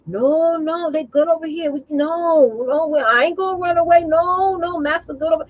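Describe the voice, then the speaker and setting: A woman's voice: very high voice, normal speed, dull audio, voice pushed up. A woman mimicking a meek, fawning older woman in a whiny, quavering voice. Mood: pleading.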